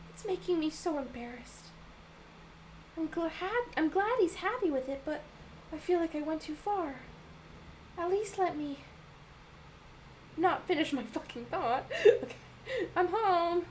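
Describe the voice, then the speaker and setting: A young woman reacting to a manga on her vlog, gushing, swearing and laughing through the story. Her voice is high and swings widely. She speaks with raw, emotional energy. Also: expressive, unhurried, pauses often, a little mellow, slight background noise, low-quality recording. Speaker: manga reader and vlogger. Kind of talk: casual reading-aloud vlog.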